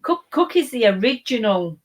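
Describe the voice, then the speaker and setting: A woman's voice: fairly high pitch, sing-song, normal speed, poor audio. A woman co-hosting a live reselling show, chatting casually and reading out viewer comments. She teases her co-host, laughs often and bickers playfully.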